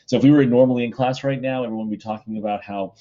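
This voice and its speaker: A middle-aged male high school teacher giving a casual, chatty recorded lesson from home, with plenty of fillers. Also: fairly even intonation, rapid-fire, warm tone, dull audio.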